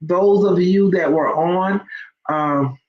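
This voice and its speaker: A woman's voice: lowish voice, slow, muffled recording. A woman hosting a live faith talk for online listeners. She speaks conversationally with many ums and builds into emphatic exhortation.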